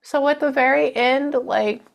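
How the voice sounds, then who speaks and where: A woman's voice: high voice, measured pace, vocal fry. A woman working as a medium, chattily relaying messages during a reading. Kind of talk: psychic reading session.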